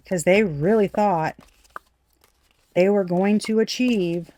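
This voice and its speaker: A woman's voice: medium pitch, slow, pauses often, darkish tone, no echo. Blunt, profane woman tarot reader. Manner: blunt, profane, emphatic, repeats herself. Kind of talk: collective tarot reading, casual.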